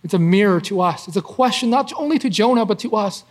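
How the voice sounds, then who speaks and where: A man's voice: high voice, expressive, fast. A man giving conversational Bible teaching as a preacher, earnest, asking rhetorical questions and often restarting his phrases.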